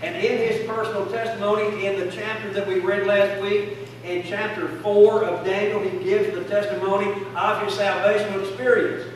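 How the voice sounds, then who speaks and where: A man's voice: high-pitched, little pitch movement, moderate pace, slight background noise. A man preaching a sermon with fervent call-and-response in a church. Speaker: pastor. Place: church sanctuary. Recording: echoey church hall from a distance.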